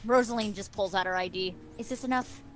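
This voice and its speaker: A woman's voice: mid-range voice, a little fast. A woman player speaking expressively and with exasperation at a game table. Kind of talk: role-playing in a tabletop game.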